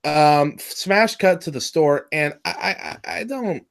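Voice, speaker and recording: A man hosting a casual review chat, rambling and excitable, swearing often and restarting his sentences. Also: fairly high pitch, takes it slowly, vocal fry. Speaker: podcast host reviewing cartoon episodes.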